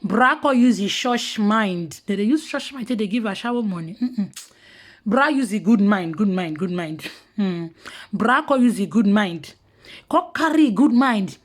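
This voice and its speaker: A woman with a Nigerian Pidgin accent telling gossip in casual commentary, mocking and animated, sometimes dropping to hushed asides. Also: medium pitch, a little slow. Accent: Nigerian Pidgin English.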